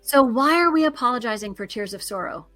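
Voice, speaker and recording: A woman with a bright, slightly high voice talks about grief in an earnest, encouraging way. She speaks as a podcast guest giving practical advice. Soft music plays faintly behind her. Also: expressive, fairly quick. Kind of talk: conversational advice.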